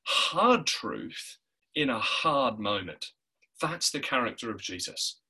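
Animated, bright-voiced male preacher. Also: a little high, husky, rough recording. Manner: earnest, keeps checking in with "right?". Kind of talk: sermon.

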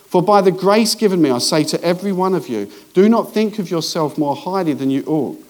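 A man preaching a sermon as pastor, swinging between hushed asides and rising emphasis, with jokey remarks to the congregation. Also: mid-range voice.

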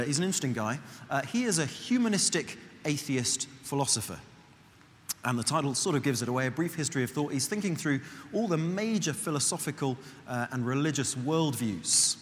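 Guy preaching a sermon, chatty and earnest, lively up and down pitch, big echoey hall w/ faint hiss. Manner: conversational, earnest, slows and softens for emphasis. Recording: long hall reverb, faint background noise.

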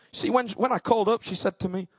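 A man preaching in church, telling a personal story and building to fervent, shouted exclamations. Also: sits high, husky, no echo.

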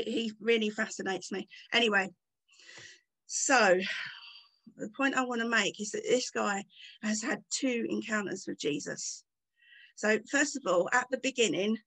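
A woman's voice: mid-range voice, a bit bright, rough recording. A woman giving informal bible teaching in a conversational, enthusiastic way with many fillers.

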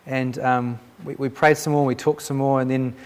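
A man's voice: mid-range voice, level tone, normal speed, a little mellow. A man sharing a Christian testimony as a preacher, telling the story with animation, acting out the voices in it and often restarting his sentences.

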